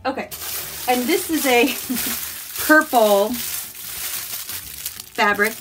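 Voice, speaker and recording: A woman from the United States chatting casually and enthusiastically as she unboxes a book subscription box, gasping and making quick asides about each item. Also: a little high, animated, a bit bright, soft background music. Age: adult, married.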